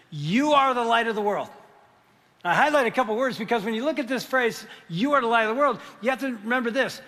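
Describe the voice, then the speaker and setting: A man preaching a sermon as pastor, telling stories with lively acted-out voices. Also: extremely high pitch. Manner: animated storytelling, acting out voices. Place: church. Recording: reverberant church hall.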